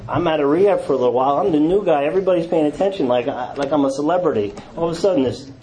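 Speaking very fast over poor audio, a man gives a personal testimony of his recovery to an audience. He acts out quotes with self-mocking humor and drops to low, quiet tones during the hard parts.

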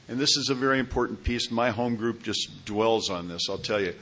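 A man's voice: lowish voice, moderate pace, bright, forceful tone. A man in his sixties telling his own recovery story in a rambling way, often checking in with his listeners. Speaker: recovery meeting speaker. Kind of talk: personal testimony talk.

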